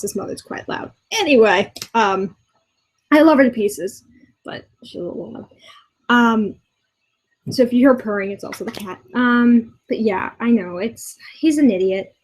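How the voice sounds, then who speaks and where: Exasperated young woman ranting, halting. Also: on the high side, a little mellow, poor audio. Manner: exasperated, halting with many restarts, swears often. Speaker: vlogger. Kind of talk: ranting commentary video. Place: a room in her boyfriend's house.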